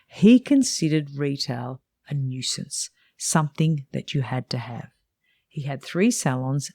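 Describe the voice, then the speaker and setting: A woman's voice: a bass voice, a little mellow, no echo, studio quality. A middle-aged woman who mentors salon owners and hosts a podcast, reading her own book aloud in a frank, chatty way with wry asides.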